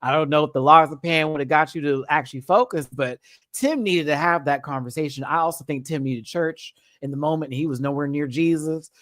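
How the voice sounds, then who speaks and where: Expressive man host, casual streaming rant, swears freely, close dry mic. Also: fairly high pitch, brisk, no echo. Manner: animated and expressive, swears, acts out quotes. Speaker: live-stream show host.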